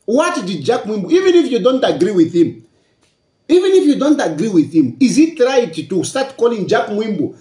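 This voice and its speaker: Zambian male commentator, high animated delivery, repeats his points, echoey room. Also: moderate pace. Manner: repetitive, emphatic, asks rhetorical questions. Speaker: political commentator. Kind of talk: casual political commentary.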